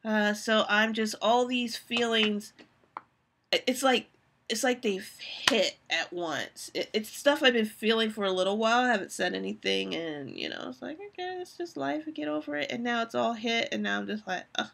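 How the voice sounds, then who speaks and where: A woman's voice: medium pitch, normal speed, creaky, a bit bright, slight background noise. A woman in her forties, talking candidly and rambling with frequent restarts as she hosts her own live stream. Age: 40s.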